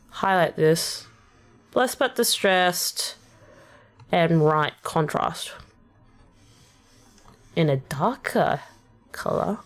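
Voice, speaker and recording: A young woman with a general Australian accent, chatting casually and rambling with many fillers as she explains her rap lyrics on a stream. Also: fairly low pitch. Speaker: VTuber streamer. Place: at home on a rainy day.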